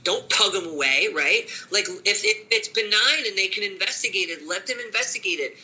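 Animated high-voiced bright man. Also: low-quality recording. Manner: animated, acts out owners and dogs in quick voices. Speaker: dog trainer. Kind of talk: casual podcast conversation.

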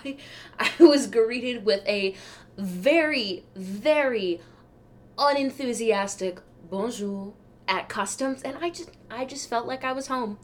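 Chatty young woman telling travel stories. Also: on the high side. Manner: chatty, wry, self-deprecating. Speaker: podcast host. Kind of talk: casual travel storytelling.

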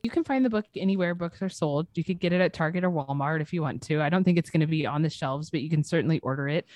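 A woman's voice: low voice, quick pace, a little mellow, dry recording. A woman in her thirties, a guest author, talking in an earnest, encouraging way with many fillers. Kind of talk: casual interview chat.

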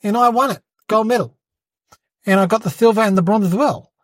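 Speaking fairly quickly at a medium pitch with no echo, an adult sounds close to an everyday voice while playing a cheeky boy podcaster. He brags, rambles, tells fibs and calls people "mate" throughout this comic character piece.

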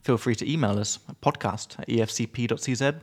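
A young man co-hosting a podcast, explaining vocabulary in a relaxed, giggly way and slowing down to spell out each word. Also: mid-range voice, breathy edge. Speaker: podcast co-host, English teacher. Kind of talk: casual chat explaining vocabulary.

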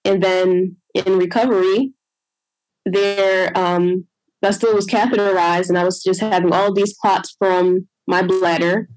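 A woman's voice: mid-range voice, steady tone, unhurried, a little mellow, dry recording, low-quality recording. A young adult woman telling her own birth story in a conversation, emotional and retelling what others said. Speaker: guest sharing a birth story.

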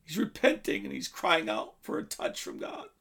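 Male preacher, high and gravelly, dynamic sermon delivery. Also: very animated, moderate pace, a bit bright. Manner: storytelling preaching, swells and drops in volume.

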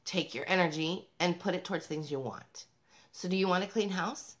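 Low-voiced emphatic mom vlogger. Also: female voice, normal speed. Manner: upbeat, emphatic, addresses viewers directly; laughs between points. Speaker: parenting vlogger, mother. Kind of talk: motivational talk to camera.

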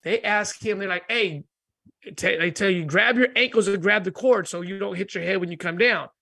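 A man, a podcast guest telling a lively story, laughing often and acting out the people in it. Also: high-pitched, brisk, creaky, breathy edge. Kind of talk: animated storytelling in conversation.

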